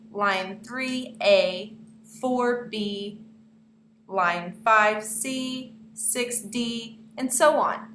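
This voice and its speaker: A young woman teaches her class in a playful manner and keeps speaking straight to the students. Her voice sits a little high. The recording has the echo of a room and a faint hiss behind it. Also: a bit bright. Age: young adult. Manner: playful, addresses students directly. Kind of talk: classroom lesson narration.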